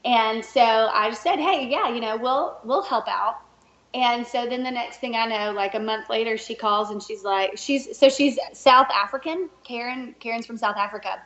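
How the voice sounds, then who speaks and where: Animated woman telling a story, roomy sound. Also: a little high, normal speed. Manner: animated, laughs often, puts on voices when quoting. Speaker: podcast guest. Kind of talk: casual interview storytelling. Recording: roomy and dull, lo-fi.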